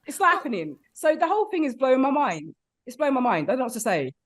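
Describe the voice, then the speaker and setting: Animated, high-voiced woman telling comic stories. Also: fast. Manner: animated, laughing storyteller with big exclamations. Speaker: comedy panel guest. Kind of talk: comic podcast banter.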